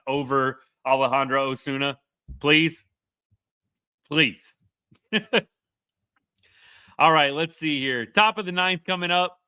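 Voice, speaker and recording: Chatty dude on a livestream, kinda high voice, dry sound. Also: male voice, bright, forceful tone, dry recording. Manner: upbeat, chatty, reads viewer comments. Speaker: livestream host. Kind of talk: casual live reaction chat.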